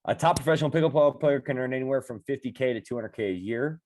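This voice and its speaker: Talking fast in a medium-pitched, slightly mellow voice, a male podcast host chats casually. He jokes, teases his guest, and laughs a lot.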